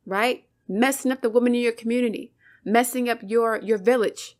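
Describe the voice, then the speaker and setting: A woman with a fairly high voice delivers fervent commentary straight to her viewers. She lectures with heavy emphasis, stacks up rhetorical questions and drops curse words along the way. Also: steady tone, normal speed. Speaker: channel host, commentator. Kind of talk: impassioned commentary monologue.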